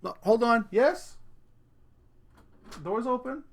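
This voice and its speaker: His voice is very high yet gravelly, and he speaks slowly as he hosts a casual rant video from home. He's a rambling, self-correcting storyteller with a crude sense of humour.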